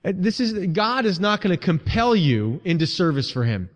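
A man's voice: high-pitched, very animated, normal speed. A man preaching a sermon as pastor, speaking earnestly and conversationally, with emphasis that builds in repeated phrases. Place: church sanctuary. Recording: reverberant hall, dull lo-fi sound.

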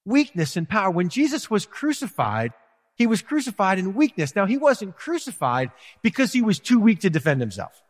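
A man preaching a sermon as pastor, animated, acting out quotes and asides to his congregation. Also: high voice, moderate pace, in a large hall.

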